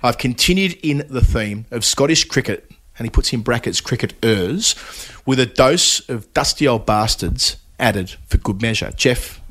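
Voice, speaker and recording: A man hosting a cricket podcast, who moves things along briskly and introduces segments. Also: medium pitch, animated, a bit bright. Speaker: podcast host. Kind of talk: casual podcast chat.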